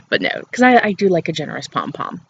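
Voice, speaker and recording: A woman's voice: on the low side, sing-song, normal speed, creaky. A woman hosting a knitting podcast outdoors, chatting playfully about her work and laughing often. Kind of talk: casual show-and-tell chat. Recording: dull outdoor recording with faint background noise.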